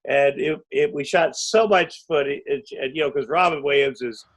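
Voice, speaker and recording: A man guesting on a podcast, telling a rambling, self-interrupting anecdote and breaking into loud acted quotes. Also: on the high side, moderate pace. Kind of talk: anecdotal storytelling.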